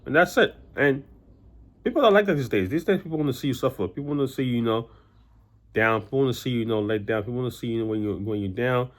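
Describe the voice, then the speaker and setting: A young man talking straight to his audience in a loose, rambling vlog. He rattles along at a quick clip, circling back with restarts and filler words. His voice sits at an ordinary middle pitch. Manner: rambling, many restarts and "you know" fillers. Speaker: vlogger. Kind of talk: casual personal storytelling to camera.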